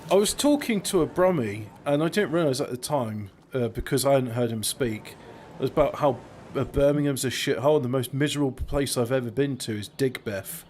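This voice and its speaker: A man's voice: mid-range voice, a little fast, a little mellow, slight background noise. A man chatting casually while gaming, rambling with frequent stammered restarts.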